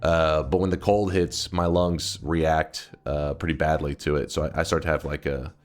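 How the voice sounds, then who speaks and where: A man in his thirties chatting on a live stream, rambling and swearing, with sudden loud outbursts at his chat. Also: very deep voice, fairly even intonation, normal speed, soft background music. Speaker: livestreamer.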